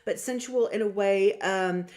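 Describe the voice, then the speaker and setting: A young woman talking casually to her viewers about star signs, chatty and lively, often acting out what other people say. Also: mid-range voice, measured pace. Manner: chatty, animated, acts out quoted voices. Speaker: astrology vlogger and reader. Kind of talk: casual talk to camera.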